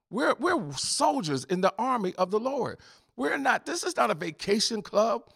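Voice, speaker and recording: A man's voice: high-pitched, vocal fry, fairly bright tone. A man preaching a sermon to his congregation, asking rhetorical questions and repeating refrains. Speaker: pastor.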